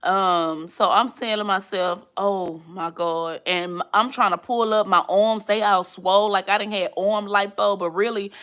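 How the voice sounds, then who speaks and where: A young adult woman vlogging to her viewers, chatty and animated, acting out the people in her story as she tells it. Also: medium pitch, normal speed, few pauses.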